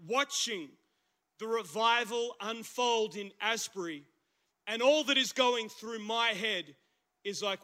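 A man with an Australian accent preaching a casual, animated sermon in church, his voice husky from the flu. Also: sits high, slow. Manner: conversational, animated preaching with slang asides. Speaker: pastor. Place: church service.

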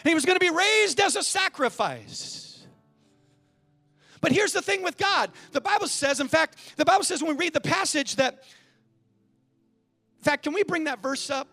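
A man with a strikingly high voice preaches a sermon in a church. He is emphatic, driving his points home in a preaching cadence and calling out to the congregation, with quiet music playing behind him. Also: animated, normal speed, gravelly, pauses often. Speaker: pastor.

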